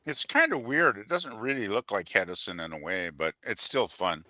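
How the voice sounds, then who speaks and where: Male panel guest, very bright forceful voice, animated and chatty in a casual movie review. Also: on the low side, moderate pace. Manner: enthusiastic, chatty commentary.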